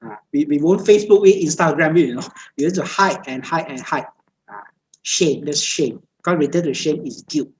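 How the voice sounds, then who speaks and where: A woman's voice: deep voice, normal speed, a little mellow, slight background noise, rough recording. A woman giving a Buddhist dharma talk over a video call, speaking in repetitive, list-like phrases with many hesitant fillers. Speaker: meditation teacher.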